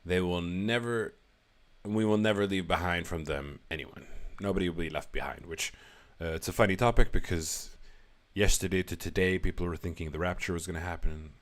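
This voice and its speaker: Deep-voiced man musing on scripture. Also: brisk. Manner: thinks aloud, self-deprecating chuckles. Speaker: religious commentator. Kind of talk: casual verse-by-verse commentary.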